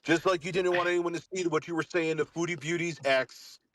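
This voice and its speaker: A man's voice: a little high, fairly even intonation, brisk, a bit bright, dry recording. A man on a stream call, arguing and accusing in a heated way. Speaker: stream guest.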